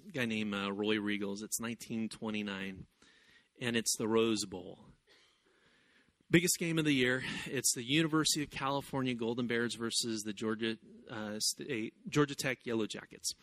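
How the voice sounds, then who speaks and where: A male pastor preaching a sermon, who tells a story in animated, sometimes loud bursts. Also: lowish voice, moderate pace. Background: guitar music.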